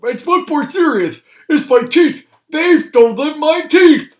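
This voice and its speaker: A man reading aloud, voicing a frantic old grandfather who has lost his dentures and talks loudly, as if without teeth. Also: extremely high pitch, expressive, slow pace, voice pushed up, heavily acted. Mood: panicked. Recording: roomy echo.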